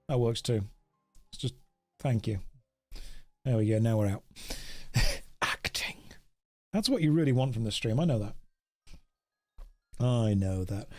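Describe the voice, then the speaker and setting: A man's voice: mid-range voice, a little mellow. A man chatting casually on a live game stream, joking and reading chat aloud into a desk microphone.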